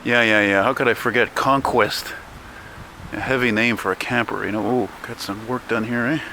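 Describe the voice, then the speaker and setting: A man's mid-range voice, steady, moderately paced, and pushed bright, carries his chatty, cursing, complaining vlog commentary. He's walking windy city streets with a handheld camera mic that catches traffic and wind.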